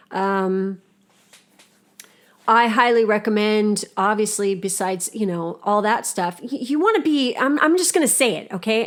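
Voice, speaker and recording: Blunt, profane woman podcaster. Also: medium pitch. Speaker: podcast co-host. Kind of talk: casual podcast chat.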